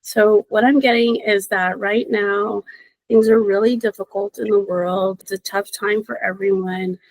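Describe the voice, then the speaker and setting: A woman intuitive reader in casual podcast chat, expressive and encouraging, laughing often. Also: medium pitch, unhurried, dry recording, poor audio.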